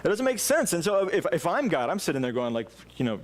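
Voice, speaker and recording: A man delivers a sermon to his church, his voice sitting a little higher than most men's. He preaches earnestly and with real feeling, stumbling and restarting as he works through his thoughts. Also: big pitch swings, fast. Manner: earnest, impassioned, with frequent restarts. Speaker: pastor.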